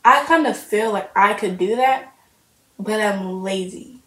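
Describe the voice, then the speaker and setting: A woman's voice: medium pitch, a little slow, a bit bright, roomy sound, slight background noise, rough recording. A woman hosting a reaction video, chatting casually and rambling into stories.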